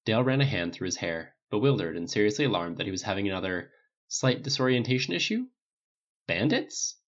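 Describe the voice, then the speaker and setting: A man's voice: quick pace, lo-fi sound. A man narrating a novel aloud, lifting his voice slightly for each character's dialogue. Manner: reads all characters with small pitch lifts in dialogue. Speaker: audiobook narrator. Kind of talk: scripted narration.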